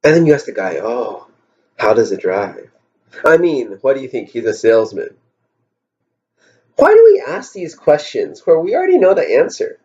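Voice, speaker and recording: A man's voice: a little high, huge pitch swings, fairly quick, warm tone. A man vlogging in a rambling, wry storytelling style, musing aloud and asking rhetorical questions, on a dull lo-fi recording. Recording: dull lo-fi sound.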